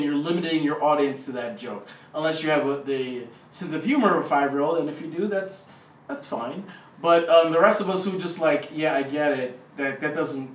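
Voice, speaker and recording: A man chatting about a movie he just saw, tripping over restarts and drifting into animated asides. His voice sits a little high for a man and sounds set back from the mic in an echoey room. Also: moderate pace, far from the mic. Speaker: co-host of a movie review show. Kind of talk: casual review chat.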